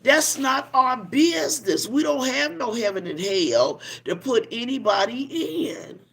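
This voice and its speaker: Older grandmother, livestream host, slow, preachy scolding, gravelly fry. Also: high voice, animated, fairly bright tone. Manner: preachy, scolding, drawn-out emphasis. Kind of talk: casual livestream commentary.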